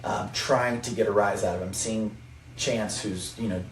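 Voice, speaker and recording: Young man, very low voice, earnest testimony, roomy distant sound. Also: fairly even intonation, normal speed. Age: young adult. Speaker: college basketball player. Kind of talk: faith-focused podcast chat. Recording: roomy, distant mic, faint noise.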